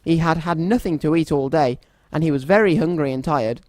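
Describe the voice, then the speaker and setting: A man reading a children's story aloud in a gentle, expressive storytelling manner. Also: on the high side, fairly quick, no room sound.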